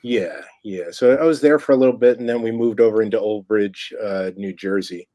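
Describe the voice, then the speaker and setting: A man's voice: lowish voice, a little fast, warm tone, no echo. A middle-aged man, a filmmaker guest, talking casually in a rambling way with many restarts. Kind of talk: casual interview chat.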